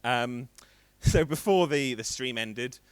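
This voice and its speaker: A man's voice: mid-range voice, takes it slowly, smooth, no room sound. A man in his thirties doing a rambling, self-deprecating stand-up set on a stream. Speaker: stand-up comedian.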